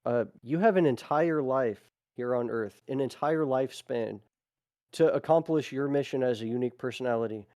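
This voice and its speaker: A man's voice: mid-range voice, moderate pace, mellow, no echo, studio quality. A man co-hosting a podcast, reading passages aloud and then talking them over earnestly, often laughing. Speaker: podcast co-host. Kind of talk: reading aloud and casual discussion.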